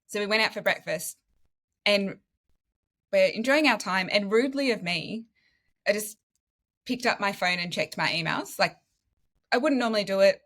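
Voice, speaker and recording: An Australian woman in her thirties tells her story as a guest in a relaxed podcast chat. She talks in a lively, animated way, laughs often, and acts out the lines of the people in her story. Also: mid-range voice, normal speed, pauses often. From Western Australia. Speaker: guest, medical student and former nurse.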